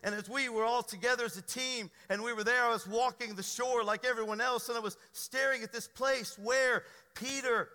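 A male pastor with a high, bright voice preaches earnestly, weaving his own story into the sermon. His voice rings out with a long hall reverb, as if in a church sanctuary. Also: fairly even intonation, moderate pace, hardly any pauses. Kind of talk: sermon with personal testimony.

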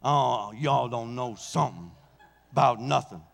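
A man doing an impression of a famous preacher with a deep, drawn-out pulpit drawl, in a reverberant hall. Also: creaky. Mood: mock-grand. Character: booming celebrated preacher, drawling and slow. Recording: long church hall reverb.

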